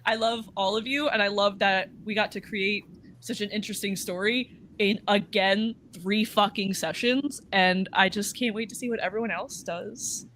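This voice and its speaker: A woman player warmly praising fellow players in casual, effusive chat with casual swearing. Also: medium pitch, fairly even intonation, normal speed, slight background noise. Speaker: tabletop game player.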